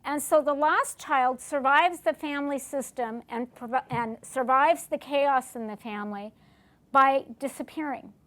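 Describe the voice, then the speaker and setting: Middle-aged woman lecturer, slightly high voice, conversational teaching style that poses questions to the room. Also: a little slow, fairly bright tone. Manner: asks the audience questions, acts out short dialogues. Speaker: lecturer on family recovery. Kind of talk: classroom lecture.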